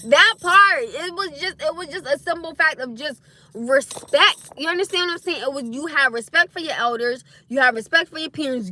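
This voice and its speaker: A young woman talks straight to her livestream viewers in a high, bright voice, blunt and insistent. She leans on repeated phrases to hammer home each point, keeping the tone casual and unfiltered. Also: dry recording. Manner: blunt, emphatic, repeats catchphrases. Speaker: livestream host.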